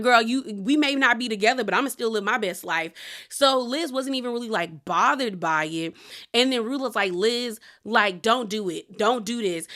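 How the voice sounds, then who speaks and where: Woman recapping a reality show. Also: on the high side. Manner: animated retelling, quoting cast members, laughs often. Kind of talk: casual recap commentary.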